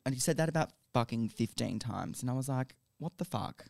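A man's voice: medium pitch, lively intonation, brisk, creaky, a little mellow, no echo, clean studio sound. A young man, a podcast guest, telling a dating story in casual chat, swearing freely and acting out the lines of the people in it. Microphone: podcast microphone.

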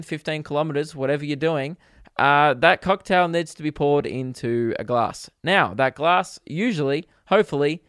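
Australian male podcast host, crude comic rambler, fairly high pitch, smooth dry sound. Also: no echo. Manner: rambling, crude, jokey with sudden loud put-on voices. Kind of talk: comedic solo podcast rant.

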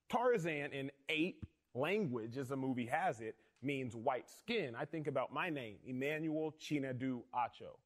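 An earnest man hosts a sit-down conversation, speaking with measured emphasis. His voice sits at an ordinary middle pitch. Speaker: host. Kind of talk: conversational interview.

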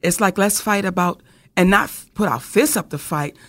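A woman's voice: on the low side, moderate pace. A woman co-hosting a podcast who speaks with passion, driving her points home with rhetorical questions the way a preacher does. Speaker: podcast co-host. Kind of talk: casual discussion.

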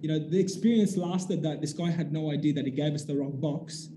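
A man's voice: a little high, a little fast, background noise. A man, telling a story in casual chat, acting out the dialogue with animation and swearing casually. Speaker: business owner telling a story.

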